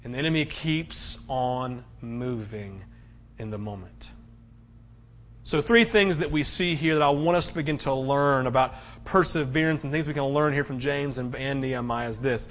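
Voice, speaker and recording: A man preaching a sermon as pastor, building to loud, emphatic peaks and telling stories with lots of "right?" asides. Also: medium pitch, normal speed. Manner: animated storytelling with frequent "right?" asides. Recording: dull, lo-fi sermon recording.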